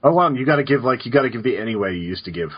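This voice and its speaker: A man's voice: mid-range voice, lively intonation, rapid-fire, a crowd in the background. A man co-hosting a podcast in casual chat, laid-back and rambling as he reads listener questions. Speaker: podcast co-host. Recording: dull lo-fi podcast audio.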